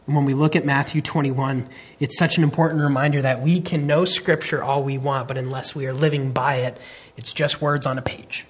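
A man's voice: medium pitch, little pitch movement, moderate pace, slightly rough. A man in his thirties preaching a sermon, earnest and emphatic, often restarting his phrases. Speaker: pastor.

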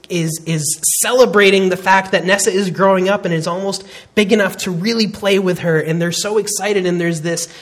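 A man in his thirties preaching a sermon, earnest and emphatic, often restarting his phrases. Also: high-pitched. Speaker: pastor.

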